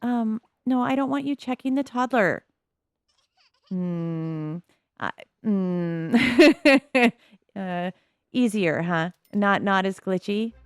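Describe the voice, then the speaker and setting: A woman chatting casually as she plays a life-simulation game, musing aloud with soft laughs. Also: medium pitch, lively intonation, takes it slowly, clear, resonant tone, no echo, studio quality. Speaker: gameplay commentator.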